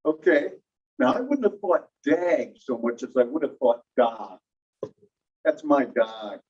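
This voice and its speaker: A man's voice: medium pitch, animated, measured pace, a little mellow, breathy edge. A man teaching a classroom lecture, explaining step by step and putting questions to the class. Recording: dull lo-fi classroom recording.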